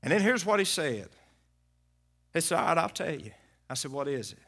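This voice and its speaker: Male pastor, folksy sermon storytelling, bright higher voice, loud to hushed. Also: big pitch swings, normal speed, gravelly.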